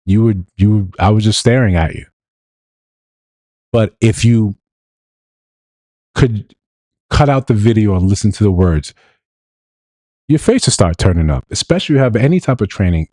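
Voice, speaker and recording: A man giving blunt, animated livestream commentary, often mimicking other people in quotes. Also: fairly low pitch, normal speed, pauses often, no echo. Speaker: streamer and commentator.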